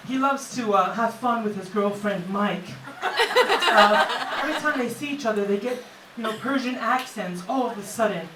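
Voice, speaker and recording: A woman's voice: a little high, animated, moderate pace, fairly bright tone. A woman performing a brash, mocking stand-up comedy set on a comedy club stage. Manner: brash, mocking, punchy delivery. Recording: echoey club from far off, noisy. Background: audience laughter.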